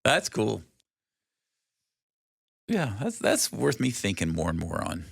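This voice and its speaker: A man's voice: lowish voice, wildly swooping pitch, slow, creaky, husky, no echo, studio quality. A middle-aged man co-hosting a podcast in casual chat, reflective and telling stories. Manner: reflective, storytelling. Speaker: podcast co-host.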